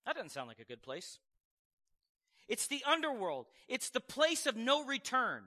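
A man with a very high, bright and pointed voice preaches a sermon, mixing scripture readings with emphatic, conversational asides to his listeners. The sound rings out with a long reverb, as in a large hall. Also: wildly swooping pitch, measured pace. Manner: conversational, emphatic preaching with frequent call-outs to the congregation.

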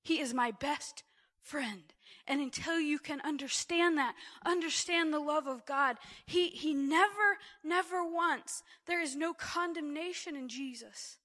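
A middle-aged woman shares her testimony with a church gathering. Her voice sits high and bright. She talks with animated, exclamatory energy. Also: a little slow. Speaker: church speaker. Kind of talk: testimony sermon.

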